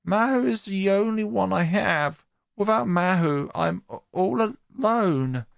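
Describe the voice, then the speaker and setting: A man voicing a lonely young schoolgirl who speaks in a high, tearful, plaintive voice. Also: lively intonation, unhurried, vocal fry, clean tone, dry recording, clean studio sound, exaggerated voice.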